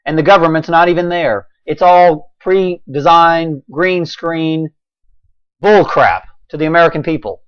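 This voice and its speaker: A man delivering a preachy, impassioned monologue, swinging between a raised voice and quiet intensity. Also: a little high, steady tone, moderate pace, smooth, no room sound, dull audio. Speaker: video blogger.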